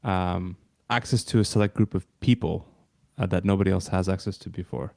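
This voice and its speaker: A man with a fairly low voice hosts a podcast and puts his questions to a guest. He talks casually and haltingly, full of fillers, and the recording sounds close and dry. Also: fairly even intonation, creaky, darkish tone, no echo. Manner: hesitant, many fillers and restarts. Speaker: podcast host.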